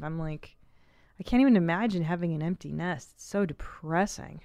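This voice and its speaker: A woman in her forties hosting a podcast, chatting casually and comically, animated and swearing freely with quick tangents. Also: fairly low pitch, creaky, no room sound. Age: 40s. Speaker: podcast host. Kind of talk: casual comedic chat.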